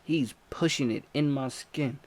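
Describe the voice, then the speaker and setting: A man telling a story in casual storytime narration, animated, with loud yells and sound effects. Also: medium pitch, unhurried. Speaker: storyteller, channel host.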